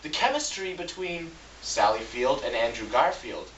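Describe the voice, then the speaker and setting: A man's voice: medium pitch, lively intonation, fairly bright tone, slight background noise. Joking guy reviewing a movie, voice goes all over the place, distant and echoey. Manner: joking, laughing, tries quick impressions. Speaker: film reviewer co-host. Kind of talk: casual chat. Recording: echoey room, far from mic, dull lo-fi.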